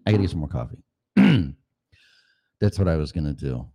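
A podcast host chatting casually and profanely during a sound check, rambling and often clearing his throat. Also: extremely low pitch, very animated, normal speed, long pauses, dark tone.

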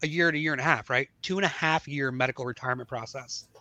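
A middle-aged man telling his life story in a casual podcast chat, acting out the dialogue of the people in it with animated voices. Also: medium pitch, fast, no room sound. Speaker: podcast guest.

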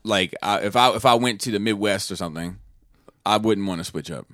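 Rambling man, low voice, dry sound. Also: a little fast, a bit bright, dry recording. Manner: rambling, filler-heavy, many restarts. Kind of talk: casual chat.

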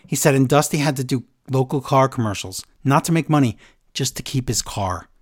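A man casually chatting as a podcast co-host, retelling a story with lively reactions. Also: medium pitch, brisk. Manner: animated storyteller, quoting others in a flat retelling voice. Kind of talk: casual chat, recapping a wrestling segment.

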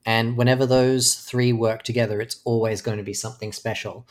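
A man's voice: mid-range voice, little pitch movement, a little fast. A man co-hosting a podcast, eager and laughing often as he talks about comics. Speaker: podcast co-host. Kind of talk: casual comic book discussion.

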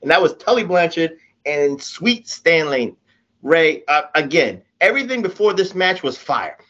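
A man's voice: on the high side, moderate pace, highs cut off. Opinionated man breaking down a match. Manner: animated, opinionated, repeats "again". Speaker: podcast co-host. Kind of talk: casual wrestling podcast chat.

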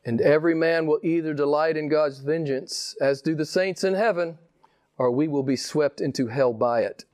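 A man preaching a sermon with passion, firing rhetorical questions and swinging widely between slow, emphatic lines and quick ones. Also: a little mellow. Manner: impassioned preaching, rhetorical questions, big swings in pitch and pace. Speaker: pastor.

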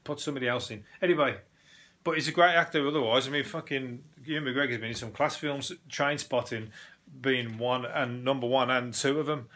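A man's voice: medium pitch, fairly quick, pushed and bright. A man with a Birmingham accent rambling through a sweary, comedic rant as a podcast host, restarting sentences and laughing often. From Birmingham, England.

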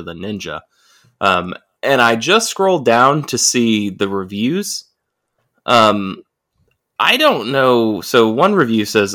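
A man co-hosting a casual podcast, talking with halting restarts and reading things aloud in a deadpan way. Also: on the low side. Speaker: podcast co-host. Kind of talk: casual chat.

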